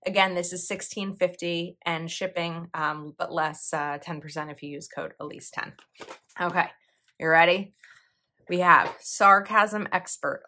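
A woman's voice: on the low side, fairly even intonation, unhurried, bright, forceful tone. A woman in her thirties, a planner vlogger, chatting casually and giggling as she reads sticker quotes aloud. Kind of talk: casual product review, reading sticker quotes.

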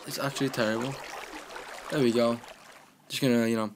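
A young man giving joking, excitable commentary while playing a game, with keyboard clicks in the background. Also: medium pitch, a little fast, background noise. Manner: excitable, joking self-talk. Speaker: gaming commentator. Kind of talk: casual gameplay commentary. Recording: home recording with keyboard clicking.

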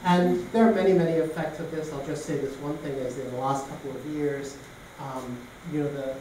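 Captured from afar in an echoey room with faint background noise, a man from Canada delivers a casual public lecture sprinkled with anecdotes. He is a guest lecturer whose slightly high voice stays steady and fairly quick.

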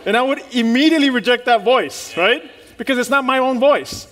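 A male pastor preaching a sermon, lively and animated, firing rhetorical questions and laughing with the congregation. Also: very high-pitched, a little fast.

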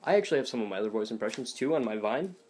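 A man's voice: medium pitch, lively intonation, racing, darkish tone, slightly rough. A young man giving a casual, rambling video tutorial on voice impressions, full of fillers and self-deprecating asides. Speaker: voice impressions teacher. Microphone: phone or webcam.

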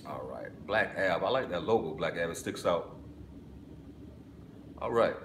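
A man with a low voice hosts a live stream, chatting casually with viewers. He swings from easy, laid-back talk into sudden excited bursts. His voice rings in an echoey room over faint background noise. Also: unhurried, vocal fry. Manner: excitable bursts, then drops low and relaxed. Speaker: webinar host answering live chat.

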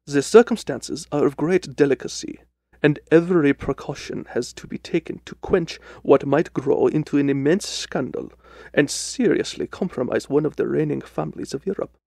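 A man's voice: fairly high pitch, moderate pace, creaky, dry recording, clean studio sound. A man voicing a proud and agitated male king in a radio drama, speaking in a formal, commanding way. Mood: grave. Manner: formal, commanding, louder than the narration.

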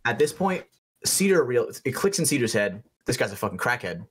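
Swearing, animated young man telling a story. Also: medium pitch, brisk, breathy edge. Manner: animated, swearing storyteller who acts out voices. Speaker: podcast co-host. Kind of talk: casual storytelling chat.

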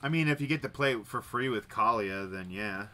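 Male stream host, low bright voice, casual and wry, faint guitar behind. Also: a little fast. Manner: wry, muttering asides. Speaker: livestream host opening card packs. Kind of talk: casual chat while reading cards aloud.

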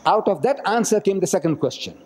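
A man with a fairly high voice tells a story in a religious lecture, acting out the speakers he quotes with dramatic flair. He is recorded in an archive recording of a mosque, and his voice rings with a long hall reverb. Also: lively intonation, fast talker, a little mellow.

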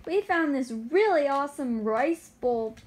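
A woman's voice: high voice, lively intonation, a little slow, a little mellow. A woman co-hosting a gaming video, chatting in a playful, teasing way as she plays. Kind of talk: casual gameplay chat.

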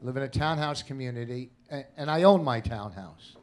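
Brash Jersey comic with a cranky edge. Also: male voice, mid-range voice, lively intonation, brisk. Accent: New Jersey. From New Jersey. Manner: brash, cranky, profane storytelling. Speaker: stand-up comedian. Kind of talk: stand-up comedy set. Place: comedy stage before a live audience.

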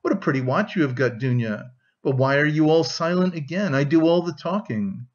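Brief: a man playing a nervous, feverish young man, abrupt and higher-voiced, dull lo-fi audiobook sound. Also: lively intonation, fairly quick, natural voice. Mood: agitated.

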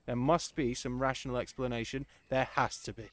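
A man's voice: medium pitch, flat delivery, a little fast, dry recording, lightly acted. A man voicing a shaken, disbelieving male scientist who stammers and insists. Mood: panicked. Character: panicked male scientist, middle-aged, disbelieving.

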